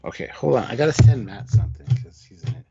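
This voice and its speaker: A man in his fifties co-hosting a casual livestream chat, animated and self-mocking, laughing often. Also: medium pitch, quick pace, vocal fry, a crowd in the background. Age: 50s. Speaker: co-host. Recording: dull lo-fi stream audio.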